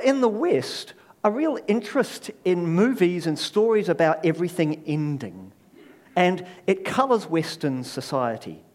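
Middle-aged New man, preacher; lively sermon delivery, voice slightly on the high side, wry asides. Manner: animated storyteller with wry self-deprecating asides.

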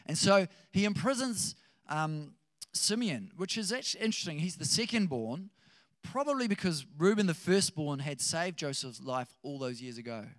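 High-voiced, conversational male preacher. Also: normal speed, dry recording, studio quality. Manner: animated, conversational, chuckling asides to the congregation. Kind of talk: sermon.

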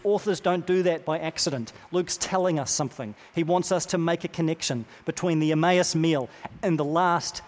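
Earnest preacher man in a reverberant hall. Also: on the high side. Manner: earnest, repeats key phrases with slow deliberate pauses. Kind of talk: sermon. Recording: long reverb of a large hall.

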